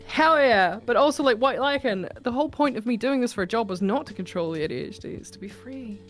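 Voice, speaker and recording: A woman's voice: fairly high pitch, lively intonation, quick pace, faint music behind. A woman hosting a casual live stream from home, chatty and laughing, reading out viewer messages. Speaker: livestream host.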